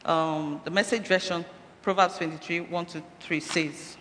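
A woman's voice: lowish voice, steady tone, measured pace, fairly bright tone. A woman giving a health talk inside a sermon, urging her listeners and asking rhetorical questions. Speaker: church speaker. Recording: echoey hall, faint background noise.

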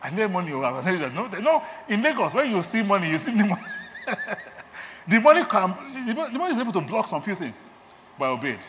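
Fast and sing-song, a high-voiced man with a Nigerian accent preaches emphatically, returning again and again to his key phrases. He is a doctor as well as a lay preacher, and his voice comes across a bit bright. Long hall reverb, faint ambience and slight background noise are audible.

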